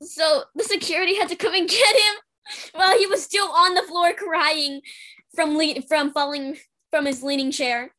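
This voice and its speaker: A woman's voice: high voice, fairly even intonation, moderate pace, bright, forceful tone. A young woman chatting casually and bluntly while trading school stories. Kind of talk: casual storytelling chat.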